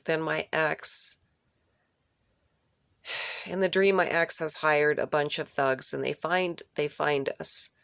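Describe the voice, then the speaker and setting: Low, gravelly woman for an unscripted dream-retelling vlog; rambling delivery that repeats key phrases, dry close sound. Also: fairly even intonation, takes it slowly, pauses often, a bit bright, no room sound. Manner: rambling, with restarts and searching for words. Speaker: vlogger recounting a dream.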